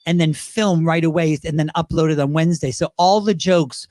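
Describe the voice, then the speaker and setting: A man from Great Britain, a drag performer, telling animated stories in an interview, laughing and slipping into quick impressions. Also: a little high, no echo. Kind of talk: casual interview storytelling.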